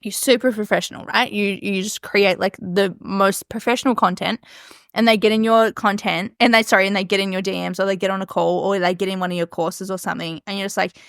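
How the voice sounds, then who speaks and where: A young woman hosting a casual solo podcast, talking fast and chatty, laughing often and swearing casually. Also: medium pitch, fairly even intonation, vocal fry, dry recording, studio quality. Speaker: podcast host. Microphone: podcast mic.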